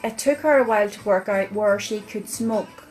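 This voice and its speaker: A woman with a Northern Irish accent, telling a chatty personal story to camera as a vlogger, with many pauses and fillers. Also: mid-range voice, darkish tone, soft background music, poor audio. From Northern Ireland.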